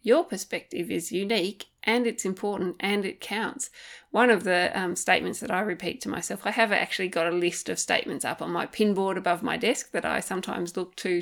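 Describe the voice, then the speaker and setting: A woman hosting a solo podcast, talking gently and earnestly, thinking aloud with frequent pauses and ums while offering faith-based encouragement. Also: mid-range voice. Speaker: podcast host. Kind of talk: reflective solo podcast talk.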